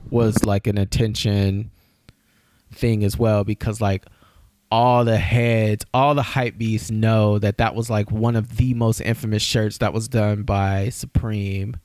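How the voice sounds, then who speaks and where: A man hosting a podcast in casual chat, talking in an animated, rambling way and getting riled up as he makes his points. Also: fairly low pitch, unhurried, dry recording. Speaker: podcast host.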